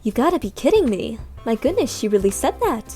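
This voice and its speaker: Playful woman streamer narrating a story game, fairly high voice, faint music. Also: big pitch swings, brisk, mellow. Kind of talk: casual game playthrough commentary.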